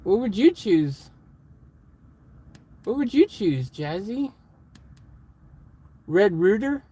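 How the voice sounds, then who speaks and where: A man chatting casually with viewers in a live vlog, laughing and getting excited, recorded in a van. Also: sits high, slow, slightly rough. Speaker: vlogger.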